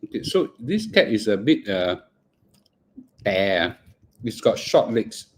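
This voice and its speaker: A man's voice: on the low side, sing-song, slow, a little hiss or hum. Singaporean man chatting while eating. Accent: Singaporean English. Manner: chatty, mixes Singlish and Mandarin, murmurs while eating. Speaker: finance livestream host. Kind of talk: casual livestream chat.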